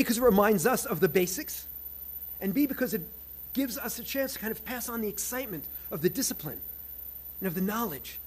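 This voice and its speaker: Husky-voiced New York man lecturing. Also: high voice. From United States. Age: older. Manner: animated, humorous, wry asides. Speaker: professor and conference speaker. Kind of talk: storytelling lecture.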